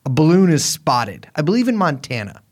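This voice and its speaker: Animated joking man podcast co-host. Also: on the high side, a little fast. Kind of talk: casual banter.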